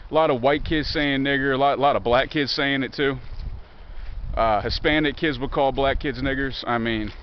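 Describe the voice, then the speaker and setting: A man's voice: mid-range voice, fairly even intonation, normal speed, slight background noise. Young man, Southern Virginia accent, profane sarcastic walk-and-talk vlogger, muffled outdoor phone audio. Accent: Southern American, Virginia. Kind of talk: rambling walk-and-talk monologue. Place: outdoors in woods near a highway.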